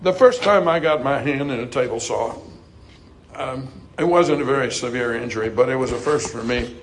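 A middle-aged man preaching a sermon earnestly, climbing to emphatic highs and dropping to soft, quiet passages. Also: moderate pace, a little hiss or hum, poor audio.

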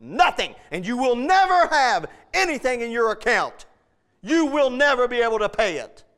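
A man's voice: very high-pitched, very animated, normal speed, a bit bright, in a large hall. A male preacher delivering a sermon, emphatic and full of rhetorical questions, speaking in folksy plain grammar and repeating phrases.

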